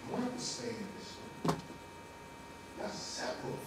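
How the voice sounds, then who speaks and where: A man giving a spiritual lecture, preachy and animated, with slangy street talk. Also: moderate pace, very echoey, distant mic, heavy background noise. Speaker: spiritual teacher.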